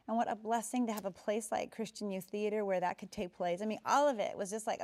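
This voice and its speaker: A woman's voice: mid-range voice, fairly even intonation, fast, hardly any pauses, a little mellow. A woman hosting a talk show in front of a live audience, asking guests questions in an engaged, encouraging way. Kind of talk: interviewing guests. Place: stage before a live audience.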